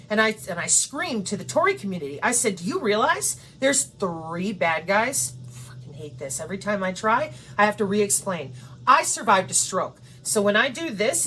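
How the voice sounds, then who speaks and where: A woman's voice: medium pitch, a bit bright. A woman hosting her own channel, delivering a profane, confrontational ranting monologue. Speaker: channel host.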